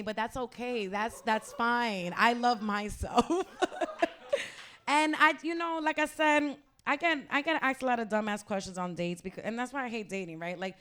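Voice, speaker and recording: Brash woman comic, raised pitch. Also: a bit bright. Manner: brash, crude, punchy delivery. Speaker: stand-up comedian. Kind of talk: stand-up set.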